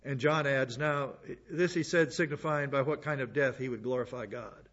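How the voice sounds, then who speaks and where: A man's voice: medium pitch, normal speed, fairly bright tone. Man preaching in a lo-fi recording. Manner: conversational Bible teaching with asides. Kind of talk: sermon.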